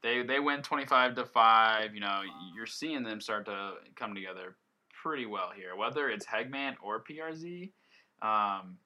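A man hosting a casual esports podcast, relaxed and rambling with lots of fillers. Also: lowish voice, moderate pace, highs cut off. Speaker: podcast host.

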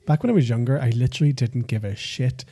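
A man co-hosting a podcast, chatting casually and reacting quickly to his friend's stories. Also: mid-range voice, dark tone, slightly rough. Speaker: podcast co-host. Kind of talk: casual chat.

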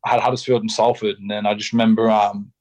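A young Australian man talks in a low, fairly flat voice, speaking candidly as a podcast guest. He is casual and blunt, swears freely, and fills his sentences with ums and restarts. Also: fast, low-quality recording. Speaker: rugby league player, podcast guest. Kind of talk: candid interview chat.

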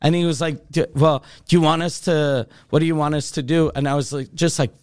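A man's voice: a little high, brisk, clear, resonant tone, no room sound, studio quality. A man in his thirties, a comedian hosting a podcast, telling a story in casual chat, swearing a lot and acting out both sides of the conversation. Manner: animated, swears constantly, acts out both sides of dialogue.

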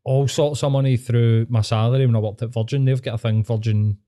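A man's voice: mid-range voice, steady tone, brisk, warm tone. A young man with a Glaswegian accent, hosting a podcast in casual chat, swearing a lot as he rants and mimics people. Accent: Scottish, Glaswegian. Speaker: podcast host.

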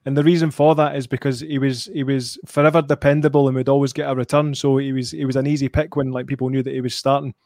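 A man's voice: medium pitch, little pitch movement, fast, hardly any pauses, darkish tone, no room sound, studio quality. A Scottish man co-hosting a podcast from home, chatting casually about football, sweary and laughing, with frequent restarts. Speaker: podcast co-host. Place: at home, remote.

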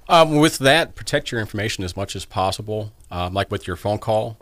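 A man guest explaining cybersecurity advice in a measured way with many fillers. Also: lowish voice, expressive, fairly bright tone, no echo. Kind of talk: explaining in an interview.

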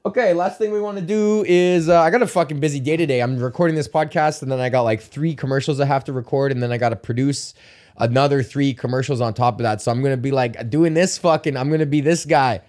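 A man's voice: medium pitch, fast, darkish tone. A young man from Canada hosting his solo podcast, rambling casually, swearing a lot and laughing often. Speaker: podcast host. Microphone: podcast mic with camera recording.

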